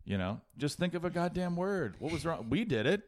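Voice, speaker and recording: A man's voice: on the high side, very animated, a little fast. A man co-hosting a podcast, ranting in casual comedic chat, swearing a lot and putting on mocking voices. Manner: profane, ranting, mock voices. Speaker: podcast co-host.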